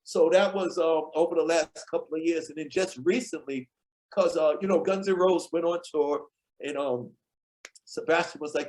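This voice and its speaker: A man, a guest on a podcast, telling lively anecdotes and acting out the people in them. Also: a little high, normal speed. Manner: tells anecdotes, acts out quoted people in lively voices. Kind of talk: animated storytelling in conversation.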